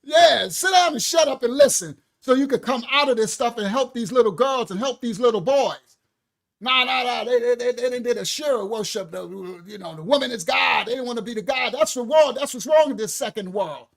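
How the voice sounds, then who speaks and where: A man preaching a fiery sermon, loud and shouting. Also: extremely high pitch, lively intonation, brisk, creaky.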